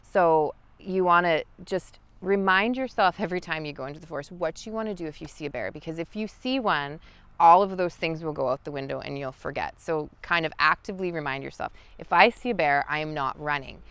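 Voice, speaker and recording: A woman guiding an outdoor lesson in the forest, talking in a relaxed, chatty way with many fillers. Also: low-pitched, a little fast, clean tone, no echo. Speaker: wild food guide. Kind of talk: outdoor teaching talk.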